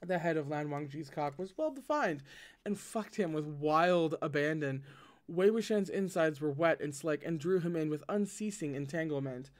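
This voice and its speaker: A man's voice: a little high, animated, moderate pace. A man hosting a casual read-aloud of a novel, often breaking off the text for wry, joking commentary. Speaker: host reading a novel aloud.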